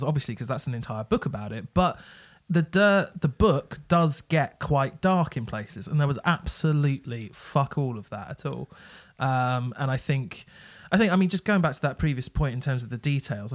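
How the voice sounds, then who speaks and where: A man talking as a podcast guest in a casual chat, emphatic and given to restarts and repeated words. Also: medium pitch.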